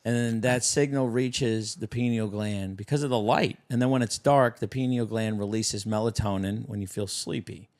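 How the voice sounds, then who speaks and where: A man's voice: lowish voice, steady tone, moderate pace, few pauses, a little mellow. A man hosting a casual podcast, blunt and swearing, reading facts out to his guests. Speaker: podcast host.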